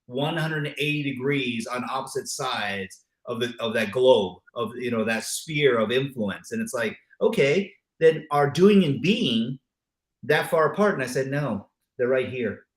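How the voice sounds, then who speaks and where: A man co-hosting a live talk show, talking reflectively and asking rhetorical questions with animated asides. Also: medium pitch, unhurried. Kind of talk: casual live chat. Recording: echoey room sound.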